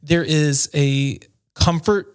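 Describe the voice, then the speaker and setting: A man's voice: on the high side, slow, smooth. A man in his thirties co-hosting a podcast, talking casually in a rambling, self-questioning way. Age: 30s. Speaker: podcast co-host. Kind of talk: casual chat. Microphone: headset earphones.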